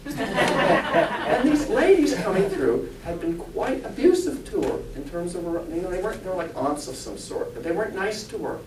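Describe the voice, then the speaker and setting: A man, a spiritualist pastor and medium, giving a conversational sermon, joking and asking the congregation rhetorical questions. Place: church hall. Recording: echoey church, mic far off, faint rumble.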